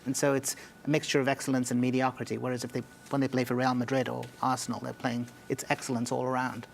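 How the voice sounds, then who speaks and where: Measured male journalist giving analysis. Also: mid-range voice, little pitch movement, vocal fry, a little hiss or hum. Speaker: journalist guest. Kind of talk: studio interview.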